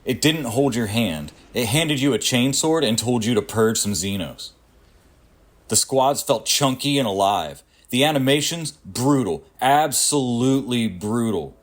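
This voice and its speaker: A man's voice: mid-range voice, lively intonation, a little slow. A man in his thirties reading a scripted video essay about strategy games, sardonic and crude, with punchy asides. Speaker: gaming video creator.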